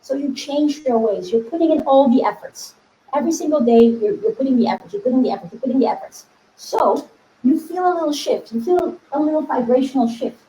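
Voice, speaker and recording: High-voiced woman coach in an echoey room. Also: brisk. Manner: animated, laughs often, acts out inner voices. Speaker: spiritual coach. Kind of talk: casual teaching video.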